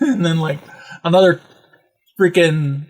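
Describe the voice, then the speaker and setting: Man, high voice, podcast host, casual, profane, rambling storyteller. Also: unhurried. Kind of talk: casual chat.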